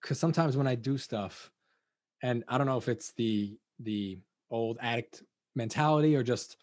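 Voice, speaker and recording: A man's voice: medium pitch, moderate pace, darkish tone, no room sound. Casting: man podcast host, rambling and hesitant, dry close sound. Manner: rambling, hesitant, many fillers. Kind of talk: casual chat.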